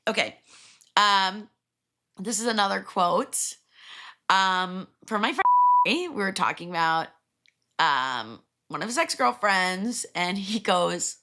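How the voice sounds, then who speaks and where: A young woman hosting a podcast, talking casually and crudely with quick asides and frequent laughs. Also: mid-range voice. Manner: chatty and crude, laughs often, lively asides. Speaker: podcast host. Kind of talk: casual solo podcast chat.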